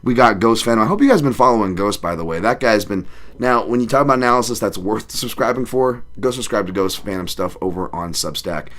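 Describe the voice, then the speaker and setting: A man hosting a podcast livestream in a casual chat, rambling and excitable, thanking viewers and swearing often. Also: on the low side, fast talker. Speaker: podcast host.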